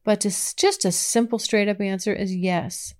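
A woman hosts a podcast and answers listener questions in a loose, candid way. She often restarts her sentences and lets out breathy exclamations. Her voice sits in the middle range. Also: medium pitch, steady tone, unhurried, darkish tone. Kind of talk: casual chat.

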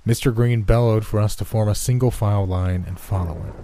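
A man narrating a first-person horror story in a measured, even storytelling manner. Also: low-pitched, slight background noise.

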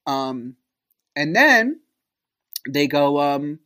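A man hosting a podcast, telling a personal story in a casual, conversational way. He fills his talk with fillers, sounds wry and exasperated, and acts out quoted dialogue with big jumps in pitch. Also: sing-song, very slow, pushed and bright. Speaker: podcast host.

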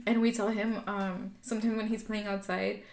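A woman's voice: medium pitch, little pitch movement, normal speed, gravelly, a little mellow. A young woman co-hosting a podcast, chatting casually and laughing through her story. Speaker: podcast co-host. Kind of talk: casual chat. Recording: echoey room.

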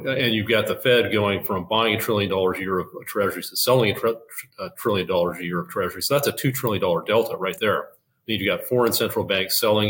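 An older man, a guest in a finance interview, explaining in a measured way with frequent fillers and restarts. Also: fairly low pitch, fairly bright tone, low-quality recording. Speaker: investment officer, guest.

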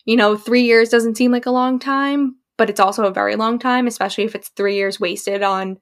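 A woman's voice: on the high side, steady tone, brisk. A woman in her twenties, co-hosting a podcast in casual chat, candid and reflective, laughing often. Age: 20s. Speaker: podcast co-host.

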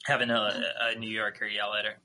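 Minnesotan man, very bright tense tone, halting casual talk, lots of restarts and fillers, video call from a home studio. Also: on the low side, completely flat delivery. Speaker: podcast guest, YouTuber. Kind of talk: casual chat. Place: home studio with pine walls.

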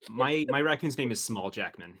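A man's voice: medium pitch, expressive, moderate pace, a bit bright, breathy edge. A man co-hosting a podcast, riffing and joking in casual chat. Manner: jokey, riffing on the bit. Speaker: podcast co-host.

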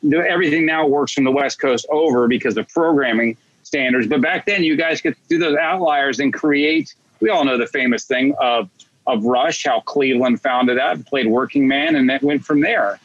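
Husky man hosting with a dull sound. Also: mid-range voice, normal speed. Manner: conversational, swears casually. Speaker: podcast host. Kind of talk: casual interview chat.

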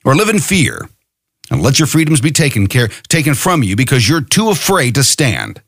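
A man's voice: mid-range voice, sing-song, normal speed, creaky, a bit bright, no echo, clean studio sound. An angry man hosting a podcast, delivering an impassioned, profane political monologue full of rhetorical questions. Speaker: podcast host.

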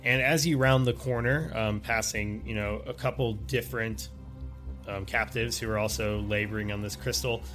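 As game master of a tabletop game, a man narrates scenes in a loose, rambling style full of fillers. His voice sits on the low side, steady and fairly bright, at a normal speed, with faint music in the background.

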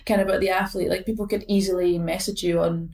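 Scottish woman, soft-spoken, roomy distant sound. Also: fairly low pitch, fairly even intonation, fast talker, gravelly. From Scotland. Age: late 20s. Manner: thoughtful, hesitant, many fillers and restarts. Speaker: badminton player, guest. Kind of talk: casual interview chat.

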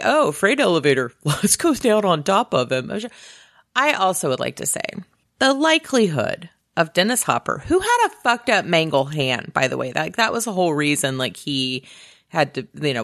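A woman's voice: fairly low pitch, creaky, no room sound, clean studio sound. A young woman co-hosting a casual movie recap, sarcastic and swearing, acting out lines from the film. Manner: sarcastic, swears, acts out quotes in voices. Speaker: podcast co-host.

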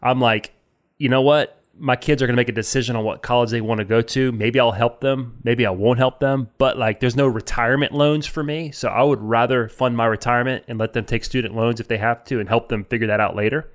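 Quick, playful male podcast host. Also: medium pitch, fairly even intonation. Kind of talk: conversational podcast interview.

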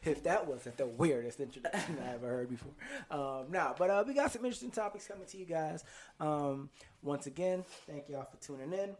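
Laid-back Chicago podcast host. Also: male voice, on the high side, expressive, fairly quick. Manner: laid-back, laughing, loose with fillers. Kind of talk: casual podcast chat.

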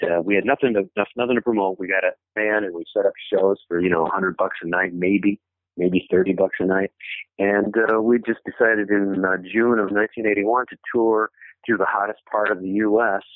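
Low-voiced man on a tinny phone line. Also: dry recording. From Michigan, USA. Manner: rambling, many restarts and fillers, laughs while telling stories. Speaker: interview guest, former punk band member. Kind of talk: casual storytelling in an interview.

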